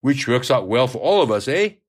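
A man's voice: mid-range voice, very animated, brisk. A man playing a coarse old sea captain. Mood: boastful. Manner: coarse, swearing, lecturing. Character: crude hard-drinking older male sea captain. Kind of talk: audiobook reading.

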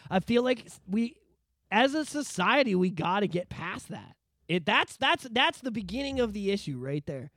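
Podcast dude ranting and swearing, super lively voice. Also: male voice, sits high, normal speed, no echo, clean studio sound. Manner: profane, animated ranting. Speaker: podcast co-host. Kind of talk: casual chat.

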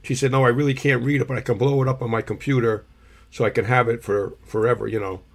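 A man, co-hosting a podcast, tells rambling stories in a husky voice and keeps clearing his irritated throat. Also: mid-range voice, fairly even intonation, fast. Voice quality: gravelly, husky. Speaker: podcast co-host. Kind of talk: casual storytelling chat.

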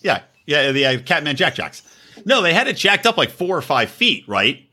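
A man hosting a podcast, telling a story in casual chat, animated and laughing often. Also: moderate pace, husky. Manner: animated, laughing, jumps into high exclaims. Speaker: podcast host.

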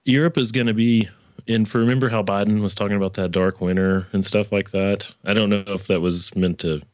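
A man hosts his own podcast in a loose, rambling commentary style, often stopping to correct himself and tossing in profane asides. His voice sits very low. The recording is dry and slightly muffled, like a small home setup. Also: dry recording. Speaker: podcast host. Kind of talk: casual political commentary.

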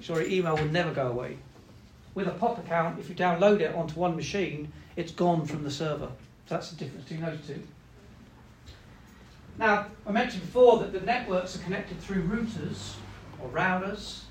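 A man's voice: sits high, roomy sound, a little hiss or hum. A man teaching a classroom lesson, explaining step by step, often checking in with "right?" and acting out what machines say. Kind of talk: classroom lecture.

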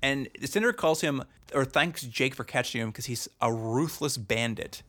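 A man's voice: mid-range voice, normal speed, a bit bright. A young man co-hosting a podcast, recapping a TV show with sarcastic jokes. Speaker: podcast co-host. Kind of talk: casual chat recapping a TV show.

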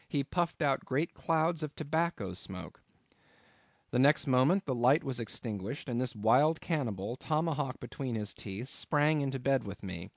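A man reading a classic novel aloud as an audiobook narrator, in an expressive, dramatic way. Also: medium pitch, dry recording, studio quality.

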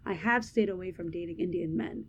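A woman's voice: on the low side, a little fast, slightly rough, lo-fi sound. A young adult woman co-hosting a podcast, talking candidly in a loose, rambling way full of fillers. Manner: candid, rambling with many "like"s, laughs often. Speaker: podcast co-host. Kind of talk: casual chat.

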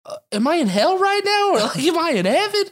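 A woman's voice: very high-pitched, big pitch swings, brisk. A woman co-hosting a podcast in casual chat, crude and joking, laughing a lot. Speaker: podcast co-host.

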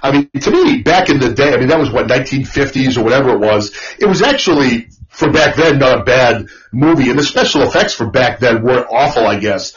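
A man's voice: medium pitch, lively intonation, brisk, hardly any pauses. A man chatting casually about movies he hates, ranting and swearing freely as he gets worked up. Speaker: podcast host. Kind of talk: casual chat. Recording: dull lo-fi sound.

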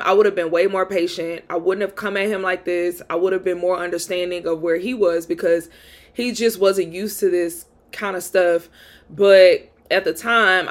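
Young woman host, candid storytime monologue, chatty with fillers. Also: medium pitch. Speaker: podcast host.

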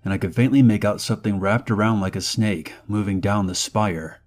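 A man with a fairly low voice narrates an eerie first-person story at a measured, even pace. Faint music plays softly beneath his voice.

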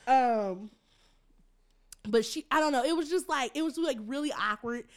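A woman's voice: high-pitched, moderate pace, clean tone. A young adult woman co-hosting a podcast, telling a story in casual chat, laughing often and acting out the quotes. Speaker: podcast co-host.

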